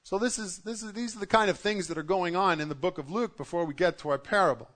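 A man's voice: high voice, fast, a bit bright. A middle-aged man preaching a sermon to his congregation in a conversational way, often restarting his sentences. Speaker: pastor.

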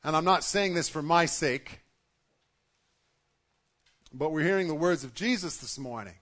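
A man's voice: fairly high pitch, unhurried, fairly bright tone. A middle-aged man preaching a sermon to his congregation in a conversational way, often restarting his sentences. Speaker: pastor.

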